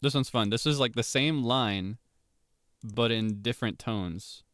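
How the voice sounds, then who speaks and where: A man streaming casually, talking in animated, rambling asides and laughing often. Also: medium pitch, measured pace, dry recording, studio quality.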